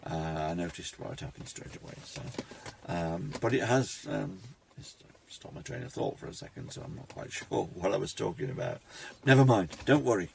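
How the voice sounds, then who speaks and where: A man, talking reflectively to his phone camera in a rambling personal vlog, pausing and restarting often. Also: sits low, vocal fry, darkish tone, slight background noise. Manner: reflective, halting, with many restarts. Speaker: vlogger.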